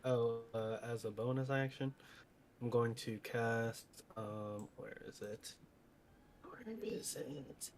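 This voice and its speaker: A man's voice: mid-range voice, flat delivery, takes it slowly, a little mellow, slight background noise. A man playing a tabletop game, hesitating and searching aloud as he declares his moves. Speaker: player. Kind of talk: casual tabletop play.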